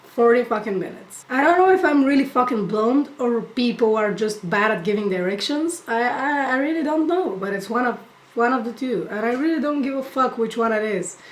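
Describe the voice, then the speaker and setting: Young woman vlogger, profane exasperated rant, high-ish voice, echoey room. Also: normal speed. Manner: profane, exasperated, animated ranting. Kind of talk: casual storytime rant.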